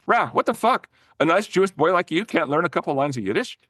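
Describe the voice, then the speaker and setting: A man's voice: fairly high pitch, big pitch swings, fast talker, a bit bright, no room sound, studio quality. An older man quoting a brash, pushy band manager in a raised, mocking voice.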